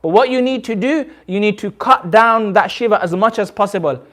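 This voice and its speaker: A man's voice: high-pitched, brisk, fairly bright tone. A man with a British accent teaching a recitation class, patiently repeating and demonstrating sounds and often checking that the students understand. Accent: British English. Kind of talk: classroom tajweed lesson.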